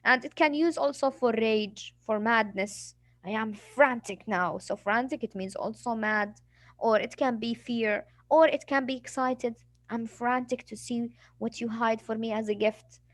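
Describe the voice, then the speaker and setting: High-voiced woman teaching English vocabulary. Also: unhurried. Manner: patient explaining, acts out examples. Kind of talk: classroom vocabulary lesson.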